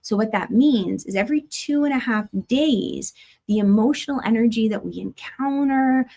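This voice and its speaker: A woman hosting an astrology forecast, talking in a chatty, gentle way with lots of "like" fillers and the odd light laugh. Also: fairly high pitch, normal speed, creaky. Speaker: astrologer host. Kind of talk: casual spiritual forecast talk.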